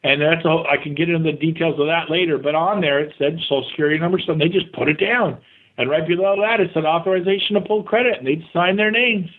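A man with a notably high-pitched voice talks as an interview guest, full of drive and motivational punch. He rattles off his points in quick bursts and slips into voices for the people he quotes. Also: a bit bright, poor audio. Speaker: real estate agent and guest. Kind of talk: casual interview talk.

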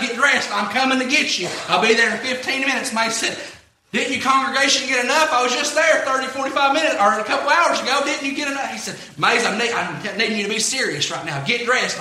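A man's voice: very high voice, quick pace, pushed and bright, reverberant. A man preaching a sermon, retelling a story in a folksy way with repeated "he said".

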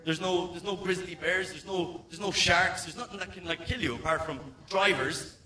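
Irish stand-up comic, thirties, high voice, profane and rambling; roomy sound, mic kept at a distance. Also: male voice, moderate pace, sharp tone. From Ireland. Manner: profane, rambling, frequent stammered restarts. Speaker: stand-up comedian. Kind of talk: stand-up comedy set. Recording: echoey room, mic at a distance.

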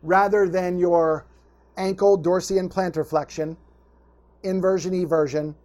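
A man coaching a podcast host through posture fixes, giving energetic step-by-step instructions. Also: high voice, measured pace, dull audio.

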